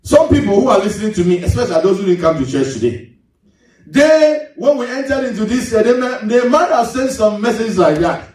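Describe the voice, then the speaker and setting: A man preaching a sermon as pastor, swinging his pitch sharply and mimicking congregants. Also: big pitch swings, fairly quick, darkish tone. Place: large church hall. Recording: echoey hall, mic at a distance.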